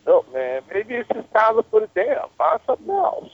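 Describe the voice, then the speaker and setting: A man's voice: high voice, huge pitch swings, normal speed, gravelly, breathy edge. A man in casual comedy podcast banter, stammering and exasperated, trying to tone down his language. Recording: dull lo-fi podcast audio.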